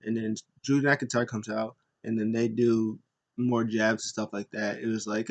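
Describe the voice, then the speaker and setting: A young man hosting a wrestling podcast, giving a casual, rambling recap and jumping into squeaky impressions now and then. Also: flat delivery, normal speed. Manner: rambling, jokey, mimics wrestlers in high squeaky voices.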